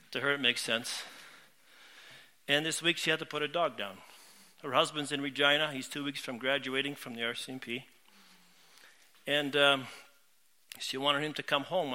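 A man's voice: mid-range voice, bright, forceful tone. A middle-aged man preaching a sermon as pastor, telling heartfelt stories in an earnest way and often repeating words as he searches for them. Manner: earnest, heartfelt storytelling with frequent word repeats.

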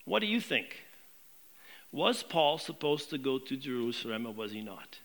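A man preaching a sermon to his congregation, posing questions and dropping low and quiet on key points. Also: very animated, normal speed. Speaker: pastor.

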